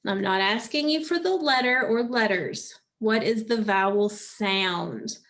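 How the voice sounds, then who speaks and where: A woman teaching a phonics lesson, prompting children patiently and pausing for their answers. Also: mid-range voice, fairly bright tone.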